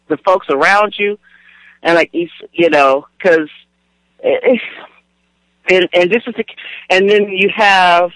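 Give me a man with a high voice, co-hosting and bantering in a casual chat. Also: fairly bright tone, dry recording, poor audio. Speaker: co-host.

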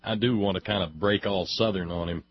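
A man's voice: low voice, steady tone, fairly quick, breathy edge. A man giving an impassioned opinion monologue as a commentator, emphatic and building long lists with rising force. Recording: dull lo-fi dry recording.

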